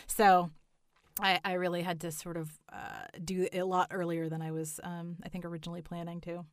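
A middle-aged woman talks casually as an interview guest, rambling and self-deprecating with lots of fillers. Her voice is smooth and slightly low for a woman. The recording is dry and close. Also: level tone, normal speed, no room sound. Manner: self-deprecating, chatty, many fillers and restarts. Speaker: voice actor guest.

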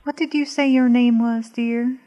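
A woman's voice: on the high side, steady tone, moderate pace, dark tone, natural voice. A woman playing a doting older churchgoing hostess in an audio drama. She keeps calling her guest dear and honey. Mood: sweet. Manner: sugary, calls the visitor dear and honey.

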